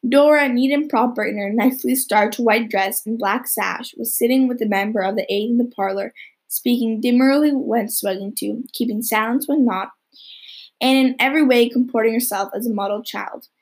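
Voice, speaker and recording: Breathy young woman reading a novel aloud. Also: fairly high pitch, moderate pace. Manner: occasional slips and restarts. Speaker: audiobook reader.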